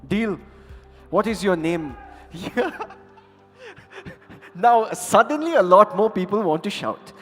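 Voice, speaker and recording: A playful male emcee with a fairly high voice banters with a live audience on a handheld mic. His words ring out with a long echo through a big conference hall, and soft music sits faintly underneath. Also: animated, slow pace, pauses often. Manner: playful, teasing, chatty with the crowd. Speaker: event host and emcee. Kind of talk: lively stage hosting with audience banter. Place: large conference hall stage. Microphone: handheld microphone.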